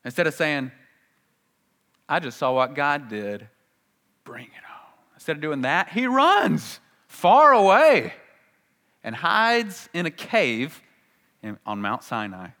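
A man preaching a sermon, telling a story with energy and acting out the lines he quotes, with rises and drops in pitch and loudness. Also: slow pace, long pauses, in a large hall. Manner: animated storytelling, acts out quotes with big jumps in pitch and volume. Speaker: pastor.

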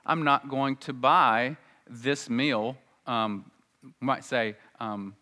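A man preaching a sermon, dropping to a hushed low voice and then rising loud and high for emphasis. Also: fairly even intonation, takes it slowly.

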